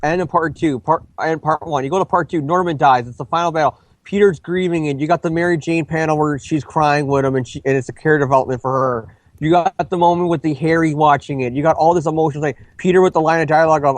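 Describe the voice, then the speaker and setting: A man co-hosting a movie review chat, rambling quickly with many restarts and self-corrections. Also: on the high side, no echo. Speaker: co-host of a movie review show.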